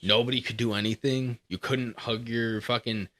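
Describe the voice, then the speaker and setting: Bright-toned male host, animated and profane, tells stories and voices the people in them. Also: medium pitch, moderate pace. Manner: profane, animated storytelling with laughs; acts out quoted people in shifting voices. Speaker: podcast host. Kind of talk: casual bar-room chat.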